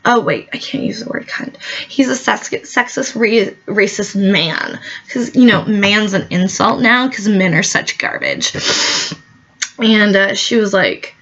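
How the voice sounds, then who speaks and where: A woman's voice: medium pitch, animated, unhurried, fairly bright tone, highs cut off. A woman telling a satirical comic story as a monologue. She is whiny and melodramatic, and she fills her speech with "like". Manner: whiny, melodramatic, full of "like" fillers.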